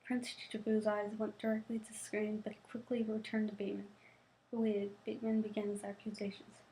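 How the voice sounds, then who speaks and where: A woman's voice: mid-range voice, completely flat delivery, a little fast, warm tone, slight background noise, poor audio. A young woman, a student, reading a novel aloud, often tripping and restarting words and adding casual asides. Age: young adult.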